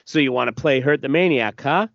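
A man's voice: mid-range voice, brisk, vocal fry, a bit bright, no echo, voice pushed up. A man voicing a cocky, violent male vigilante who mocks his opponent. The recording is dull and dry. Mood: mocking. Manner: mocking taunts.

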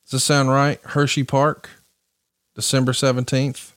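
A man's voice: mid-range voice, flat delivery, unhurried, fairly bright tone, dry recording, clean studio sound. A man hosting an interview, asking long, detailed questions. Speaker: podcast host.

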